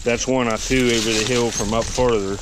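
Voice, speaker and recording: A man narrating a casual outdoor vlog in a relaxed, rambling, folksy way, filmed on a handheld camera by a river and an old dump. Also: medium pitch, fairly quick. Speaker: vlogger. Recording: faint outdoor noise with insects.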